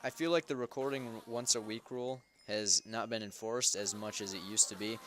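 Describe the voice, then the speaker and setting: A young man talks casually through a gameplay session, rambling and stopping to fix his own words. His voice sits somewhat low. A faint background noise runs under the home mic recording. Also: steady tone, moderate pace, fairly bright tone. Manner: rambling, self-correcting, chatty. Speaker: Minecraft server host.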